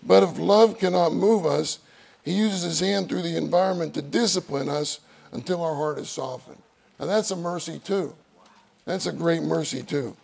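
A man's voice: fairly high pitch, moderate pace, gravelly, a little mellow, breathy edge. A man preaching a sermon, reading outline points aloud and repeating key phrases for emphasis.

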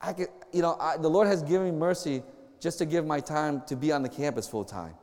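A man with a high voice preaches to a group in a casual, joking way, acting out quick back-and-forth conversations. His voice rings with the long reverb of a large hall. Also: a little mellow. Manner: chatty, joking, acts out little dialogues. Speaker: campus minister. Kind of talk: informal sermon to a group.

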